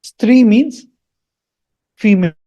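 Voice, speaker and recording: High-voiced man slowly explaining Sanskrit words. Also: mellow. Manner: slow, repeats words for learners. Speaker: Sanskrit mantra teacher.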